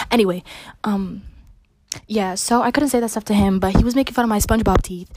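A woman's voice: medium pitch, fairly quick, no echo. A young woman telling a school story in a casual rant, swearing constantly and roasting people who teased her. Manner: profane, mocking, animated storytelling. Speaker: vlogger.

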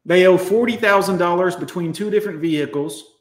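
A man's voice: high-pitched, brisk, reverberant. A man hosting a livestream who rants bluntly and swears often as he speaks straight to his viewers. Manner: blunt, profane, emphatic ranting; addresses viewers directly. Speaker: livestream host. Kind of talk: ranting livestream commentary.

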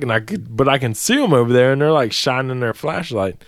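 A man's voice: medium pitch, animated, brisk, no room sound. A man co-hosting a podcast, telling a long profane story in casual chat from a small dry room. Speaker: podcast co-host.

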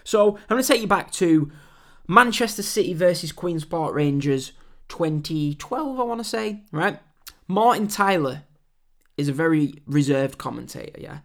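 A man hosting a wrestling podcast, giving blunt opinions with swearing and mocking loud shouts. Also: a little high, animated, moderate pace. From England. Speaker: podcast host.

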